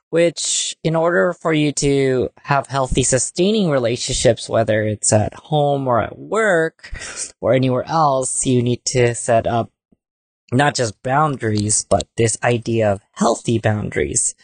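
A man's voice: mid-range voice, moderate pace, no room sound. A young man co-hosting a podcast, chatting casually and rambling with lots of fillers. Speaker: podcast co-host. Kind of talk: casual chat.

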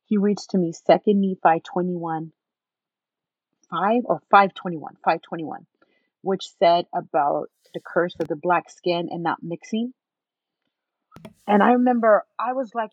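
A woman's voice: medium pitch, measured pace, no echo. A woman guest in an interview telling a personal story, acting out what others said to her. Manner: animated, acts out what others said. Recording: dull, dry, slightly lo-fi.

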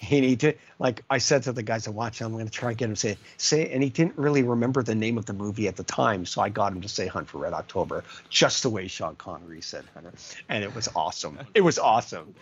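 A man, a touring musician, telling lively anecdotes in a casual interview, full of asides. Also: on the low side, fast, few pauses, husky, highs cut off. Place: California.

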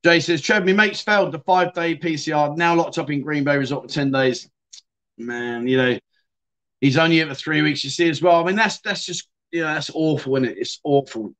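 A man's voice: fairly high pitch, a little fast, a bit bright. Chatty man hosting a livestream. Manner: chatty, swears, frequent "mate". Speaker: livestream host. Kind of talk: casual chat reading viewer comments.

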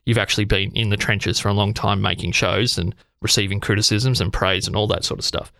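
Australian male podcast host, gravelly low voice, eager interviewer. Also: fairly even intonation, brisk, sharp tone, no room sound, studio quality. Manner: enthusiastic, complimentary, chatty. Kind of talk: interview conversation.

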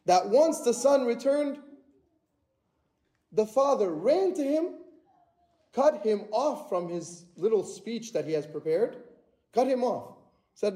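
A man's voice: extremely high pitch, animated, slow pace, long pauses, dark tone, roomy sound. A man preaching a sermon in a church, earnest and repetitive, often restarting his words.

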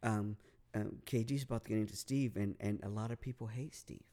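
A man's voice: fairly low pitch, fairly even intonation, brisk, dark tone. A man telling a long story in casual podcast chat, rambling, repeating words, swearing and using lots of fillers. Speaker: podcast guest.

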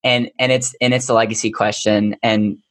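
A man hosting a casual interview podcast, affirming and quick to agree with his guest. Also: lowish voice, little pitch movement, fairly bright tone. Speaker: podcast host.

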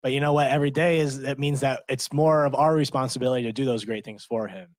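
A man hosts a podcast at a brisk clip, casual and supportive, with the occasional curse word. His voice sits at a middle pitch. The recording is dry and close. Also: fairly even intonation, dry recording. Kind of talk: casual chat.

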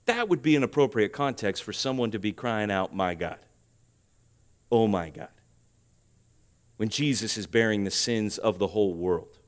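A man preaching a sermon, his voice swelling loud and high at emphatic points and then dropping to a quiet, urging tone. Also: expressive, a little fast. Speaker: pastor.

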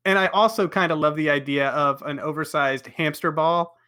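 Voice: medium pitch, moderate pace, bright, forceful tone, clean tone. A podcast host in a casual group chat, laughing often while leading the discussion.

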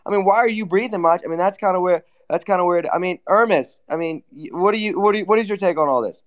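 A man rattles off sarcastic remarks in casual chat and swears freely. He talks fast in a high voice. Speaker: panelist.

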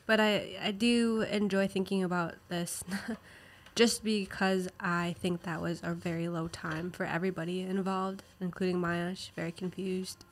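A woman co-hosting a podcast, telling family stories in a relaxed, self-deprecating way. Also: on the low side, measured pace. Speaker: podcast co-host. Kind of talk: casual chat. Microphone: podcast microphone.

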